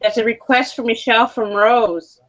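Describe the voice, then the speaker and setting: A woman relays viewer comments on a live stream, teasing and joking in casual chat. Her voice sits a little high. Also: steady tone, moderate pace, a bit bright, low-quality recording. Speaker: co-host reading viewer comments.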